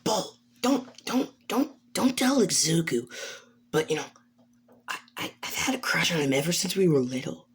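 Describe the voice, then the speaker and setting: A woman voicing a gentle teen girl who speaks softly and hesitantly. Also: lowish voice, sing-song, moderate pace, husky, exaggerated voice. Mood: comforting.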